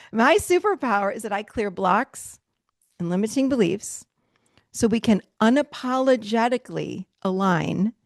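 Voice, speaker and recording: A woman in her fifties giving an energetic motivational workshop talk as a coach, emphatic and conversational with light laughs. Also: medium pitch, vocal fry, no echo, studio quality.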